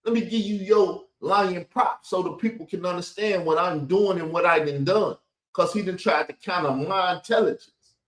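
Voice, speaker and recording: In a rough, roomy recording, a high-voiced man at normal speed hosts a rambling commentary video about clips he plays. His talk is combative, colloquial and repetitive.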